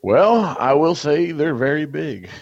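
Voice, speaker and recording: A man's voice: a little high, very animated, measured pace, vocal fry, dry recording, dull audio. A man guest on a radio talk show, answering casually and rambling, with lots of fillers and restarts. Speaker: guest, researcher.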